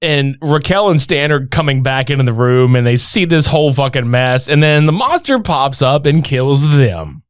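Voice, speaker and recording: Excitable, lively-voiced podcast guy. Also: mid-range voice, normal speed, hardly any pauses, clear, resonant tone, no room sound, clean studio sound. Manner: excitable, swears freely, laughs often. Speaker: podcast co-host. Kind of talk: casual film recap chat.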